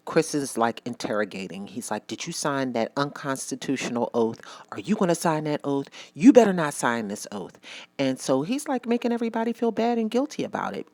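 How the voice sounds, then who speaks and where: A woman's voice: very deep voice, a little mellow. A woman giving a casual vlog movie review, chatty and opinionated, often talking straight to her viewers. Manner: chatty, addresses viewers directly; emphatic and opinionated.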